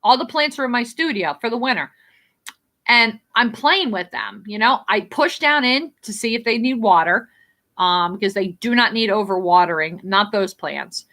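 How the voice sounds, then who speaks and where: Jersey-accented woman hosting a live stream, chatty and blunt, cusses easily, sharp bright tone. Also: fairly high pitch, animated, normal speed. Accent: New Jersey. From New Jersey. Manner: rambling, blunt, swears freely. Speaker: livestream host. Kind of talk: casual live-stream chat reading viewer comments.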